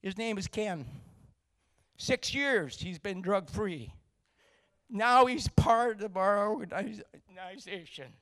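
Older man, charity volunteer, high smooth voice, folksy and halting storyteller. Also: animated, a bit bright. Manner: folksy, halting, with many restarts. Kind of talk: storytelling talk to a group.

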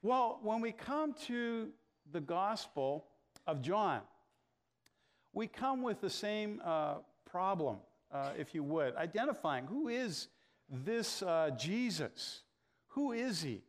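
A man's voice: high voice, big pitch swings, takes it slowly. A middle-aged man from Canada, a pastor giving a conversational sermon full of anecdotes and "uh" fillers. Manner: storytelling, frequent "uh" fillers, acts out dialogue.

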